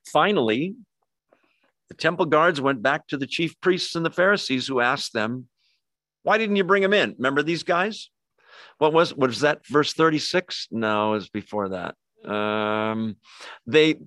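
A man preaching a sermon to his congregation, telling the story in a chatty, animated way with quick asides to listeners. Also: mid-range voice, no room sound, clean studio sound. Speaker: pastor.

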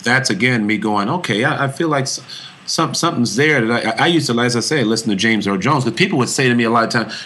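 A man's voice: mid-range voice, quick pace, sharp tone. A man, an actor, giving a thoughtful and earnest interview answer about his voice, often restarting his phrases as he searches for words.

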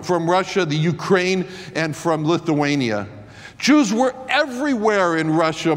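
Male lecturer, high register, rhetorical and halting, recorded in a hall with long reverb. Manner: rhetorical, repeats "why?", stumbles and restarts. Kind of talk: impassioned lecture.

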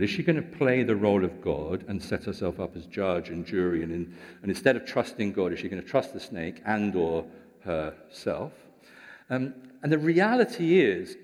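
A man's voice: fairly low pitch, a little mellow. A man preaching a sermon, explaining scripture in a conversational way with rhetorical questions. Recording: long hall reverb.

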